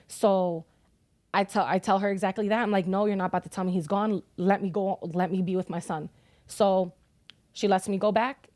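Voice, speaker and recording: In an emotional podcast appearance, a young woman speaks frankly, swearing often, about the death of her son. Her delivery is moderately paced, with a medium-pitched, darkish voice and no echo.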